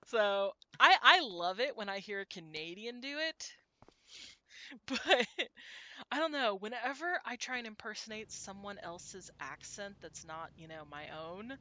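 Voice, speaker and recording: A woman's voice: mid-range voice, expressive, measured pace, bright, forceful tone. Chatty woman streamer. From Texas. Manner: rambling, chatty, laughs often. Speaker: game streamer. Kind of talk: casual chat to viewers while gaming.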